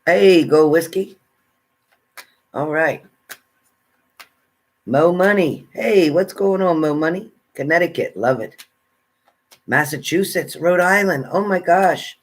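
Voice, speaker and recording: A man's voice: a little high, slow, pauses often. A man in casual live-stream chat, a tarot reader who chats away while reading out viewers' comments. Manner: chatty, reads out viewers' comments, eats while talking.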